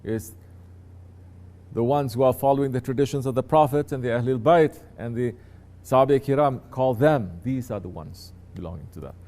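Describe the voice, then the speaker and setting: A man's voice: medium pitch, normal speed, mellow. A man, a sheikh, teaching his disciples in a conversational sermon, often turning to ask listeners if they understand.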